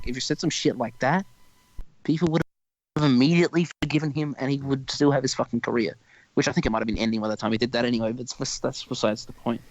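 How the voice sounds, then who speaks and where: A man's voice: medium pitch, fairly even intonation, quick pace, no room sound. A young man hosting a casual podcast chat, rambling and profane, often stopping and restarting his thoughts. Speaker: podcast host.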